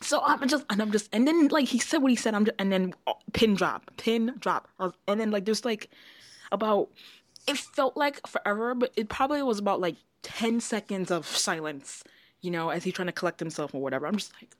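Animated storytelling woman, dry sound. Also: medium pitch, brisk, no room sound. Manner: animated storyteller, acts out quotes. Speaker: podcast co-host. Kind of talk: casual chat.

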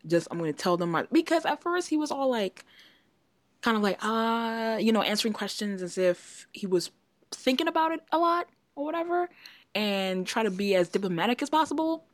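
A woman co-hosting a casual podcast, telling a long story with lively acted-out quotes. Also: on the high side, normal speed, dry recording. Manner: animated storyteller, acts out quotes. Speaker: podcast co-host. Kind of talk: casual chat.

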